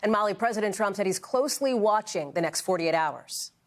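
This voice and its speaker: A woman's voice: medium pitch, lively intonation. Polished woman news anchor. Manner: brisk, polished delivery.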